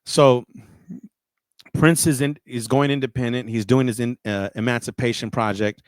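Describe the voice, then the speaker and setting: Speaking at normal speed with a medium pitch, this middle-aged radio and music industry guest shares stories in a relaxed interview. He gets animated, frequently restarting and repeating words when excited, and the recording is dry.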